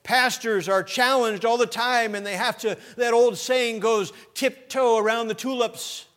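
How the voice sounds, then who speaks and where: Pastor guy preaching, kinda high voice, gets loud and punchy on the big points. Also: fairly even intonation, a little slow. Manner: preaching with rising emphatic bursts. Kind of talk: sermon.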